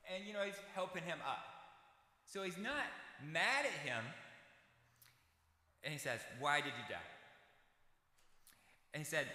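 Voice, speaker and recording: A man's voice: a little high, sharp tone. A man preaching a sermon in a conversational, self-deprecating way, putting questions to his congregation. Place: church sanctuary. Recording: echoey church hall.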